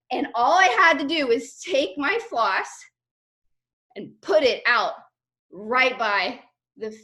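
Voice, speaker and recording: A woman leading a team call, talking in a chatty, animated way with lots of fillers. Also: a little high. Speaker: team leader on a sales call. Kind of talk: motivational team call talk.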